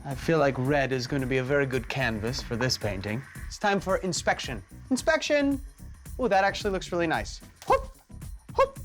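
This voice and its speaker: A man's voice: wildly swooping pitch, fairly quick, fairly bright tone. Jokey cooking show guy, goofy and dramatic, bit of music behind. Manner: theatrical, jokey, big swings in pitch. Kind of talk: playful cooking demonstration. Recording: light background music.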